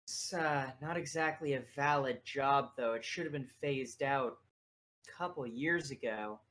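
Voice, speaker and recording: A tired woman clerk in a tabletop game, hesitant and rambling, with a bright, slow delivery, as the game master puts her on. She hedges her way through an outdated job posting. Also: medium pitch, close to an everyday voice.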